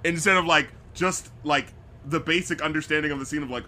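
A man co-hosting a casual movie review podcast, swearing freely and mocking scenes by acting them out. His voice is bright and fairly high for a man. He talks in a loose, sarcastic way. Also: a little fast, slight background noise. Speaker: podcast co-host.

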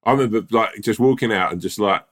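A man co-hosting a casual chat, telling rambling, animated stories full of restarts. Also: fairly low pitch, fast talker. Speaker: podcast co-host.

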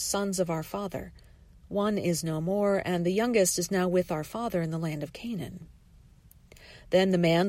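A woman, a lay reader, reading scripture and gently voicing the quoted speakers. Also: lowish voice, no echo.

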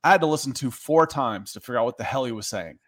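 A man hosting a sports podcast in an easygoing, chatty way, talking close to a podcast microphone. His pitch sits in an ordinary middle range for a man. He reads viewer comments aloud between points. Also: expressive, fast, fairly bright tone. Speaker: podcast host. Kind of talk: casual sports talk.

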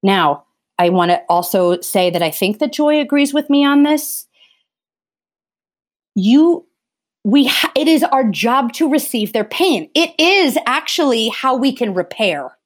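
Emphatic, earnest woman, slightly high. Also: expressive, a little slow. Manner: emphatic, repeats words and restarts phrases. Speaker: theatre vocal coach. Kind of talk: earnest conversational discussion.

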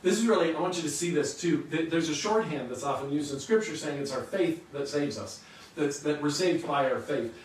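A pastor with a slightly high voice preaches a sermon, asking rhetorical questions and answering them in an earnest, teaching way, with lively intonation and a slightly fast pace. He's recorded from a distance in a very echoey room, set back from the mic, with faint ambience and slight background noise.

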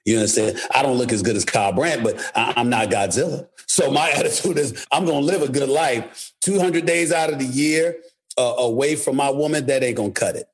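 A man's voice: medium pitch, a little fast, slightly rough. A man from New York City speaking as an interview guest, blunt and emphatic, often repeating his words. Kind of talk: candid interview talk.

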